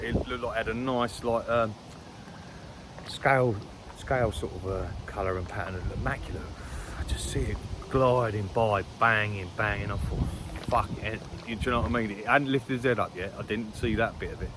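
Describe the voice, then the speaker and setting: A man's voice: fairly low pitch, moderate pace, background noise. A man chatting casually to camera while fishing outdoors by a lake, rambling, swearing freely and laughing often. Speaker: angler vlogger.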